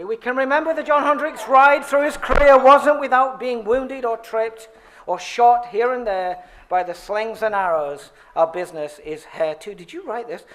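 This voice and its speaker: This award presenter's voice is high-pitched and a bit bright. Standing at a podium in a banquet hall during an awards dinner, he reads a tribute speech, tossing in playful asides and laughing at his own script.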